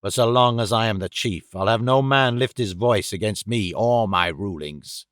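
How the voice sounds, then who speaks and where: A man doing McGinty, a gruff hulking lodge boss. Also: lowish voice, moderate pace, a bit bright, no room sound, clean studio sound, lightly acted. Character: hulking brutal older male lodge boss.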